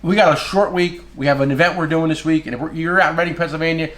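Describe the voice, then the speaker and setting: A man's voice: a little high, quick pace, reverberant. A man who works as a tool dealer, telling stories in a casual chat and acting out the voices of the people he quotes. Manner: animated, acts out quoted voices, swears.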